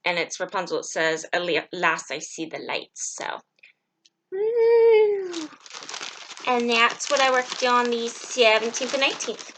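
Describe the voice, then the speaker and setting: A woman co-hosting a casual show-and-tell chat, playful and excitable, joking as she goes. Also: on the high side, normal speed, few pauses. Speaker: co-host.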